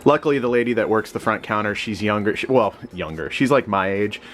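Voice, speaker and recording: A young man from Missouri, a reseller vlogger, rambling casually with lots of fillers and sudden jumps up in pitch, a bit sleepy. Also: a little fast, fairly bright tone, a little hiss or hum. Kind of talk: casual chat.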